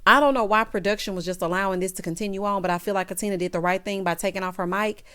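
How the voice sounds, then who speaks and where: A woman's voice: mid-range voice, fairly even intonation, rapid-fire, fairly bright tone, clean tone. A woman recapping a reality show, talking with sass straight to its cast and acting out their lines. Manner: sassy, talks straight to the people on the show; acts out each person's quoted lines. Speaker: recap vlogger.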